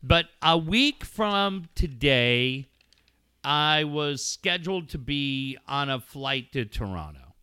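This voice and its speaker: A man's voice: fairly high pitch, expressive, takes it slowly, sharp tone, clear, resonant tone, no room sound, clean studio sound. A man co-hosting a casual talk show, swearing a lot and mock-ranting sarcastically. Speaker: podcast co-host. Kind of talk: crude comedic banter.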